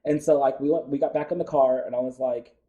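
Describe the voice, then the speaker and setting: An American man telling a story as a guest in a studio interview, animated and chatty with many fillers. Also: medium pitch, fast talker, phone-quality sound. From United States.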